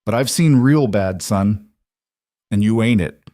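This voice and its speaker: A man voicing a tired, quietly defiant old gunslinger in a western story, speaking quietly and flatly. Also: on the low side, unhurried, dry recording, studio quality, natural voice. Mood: quiet defiance. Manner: quiet, flat, world-weary.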